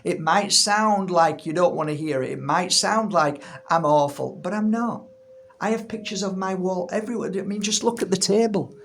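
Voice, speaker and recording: Gravelly guy ranting to his viewers from home, keeps repeating himself, faint hiss behind. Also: high-pitched, moderate pace. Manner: animated, repeats words, rants. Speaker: healer and channel host. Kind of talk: casual monologue to viewers. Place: room at home.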